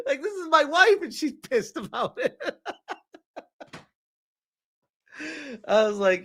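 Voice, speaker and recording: A man giving a casual, animated vlog review, rambling and laughing often. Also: very high voice, slow, pauses often. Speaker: video reviewer.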